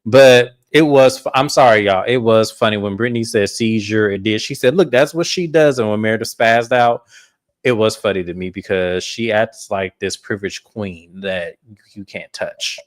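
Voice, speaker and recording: Profane, animated male recap host. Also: lowish voice, normal speed. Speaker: podcast host. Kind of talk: casual recap chat.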